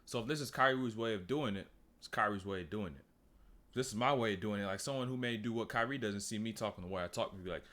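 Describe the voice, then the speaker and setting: A fairly low-pitched man with talks loosely over a clip on his stream. His delivery is relaxed and rambling, and he often stops to talk to his chat. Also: fast talker. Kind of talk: casual stream commentary.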